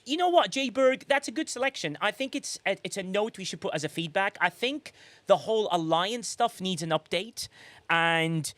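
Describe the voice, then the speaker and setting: A man's voice: high voice, expressive, moderate pace, fairly bright tone, no echo. A man hosting a casual podcast, reading viewer comments aloud and rambling through sarcastic asides. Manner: chatty, rambling, with frequent restarts and sarcastic asides. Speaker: podcast host.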